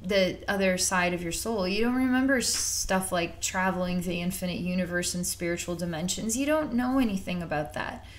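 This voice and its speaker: A woman's voice: lowish voice, normal speed, hardly any pauses. A woman talks through a psychic reading off the cuff. She rambles, circles back with repeated words, and drops casual slang as she goes. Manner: rambling and repetitive, conversational, with slang. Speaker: psychic reader.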